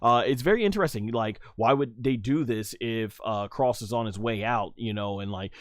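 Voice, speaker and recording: A man's voice: medium pitch, normal speed, no echo, studio quality. A man hosting a casual livestream, reading viewer comments and rambling with many fillers. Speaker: livestream host.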